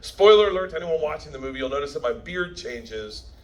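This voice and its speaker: A man's voice: a little high, expressive, a little fast, slight background noise, rough recording. A middle-aged man, a comedian, telling rowdy, profane stories to a live crowd and laughing as he goes. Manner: loud, profane, laughing as he tells it. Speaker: comedian addressing a premiere crowd. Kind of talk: rowdy live stand-up storytelling.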